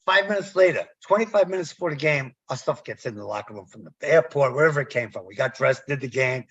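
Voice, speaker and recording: Guest spot: husky male storyteller, animated, dull lo-fi line. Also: mid-range voice, quick pace. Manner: animated storyteller, acts out quoted dialogue. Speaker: guest, former umpire. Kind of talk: storytelling in a podcast interview.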